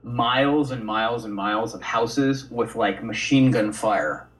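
A man talking as a guest on a casual podcast, relaxed and storytelling, dropping "dude" and "man.". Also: mid-range voice, a little slow, far from the mic, poor audio. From United States. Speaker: guest artist.

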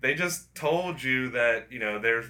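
A man's voice: mid-range voice, expressive, a little slow, sharp tone. A man in casual chat who rambles, restarts his sentences a lot and swears now and then.

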